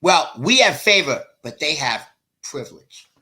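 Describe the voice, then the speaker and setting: A man's voice: a little high, very animated, measured pace, sharp tone. A middle-aged man, an author being interviewed, speaking with passion in a preacher-like rhythm. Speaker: author guest. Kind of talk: emotional interview talk.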